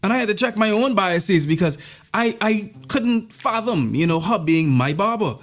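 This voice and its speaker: A man telling a comedic story in an animated, rambling way, full of playful asides. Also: sits high, moderate pace. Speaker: vlogger.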